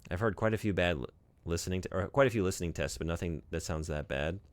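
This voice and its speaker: A man's voice: deep voice, quick pace. A man streaming a video game, chatting casually and rambling with lots of fillers and the odd swear. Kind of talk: casual gaming stream chat.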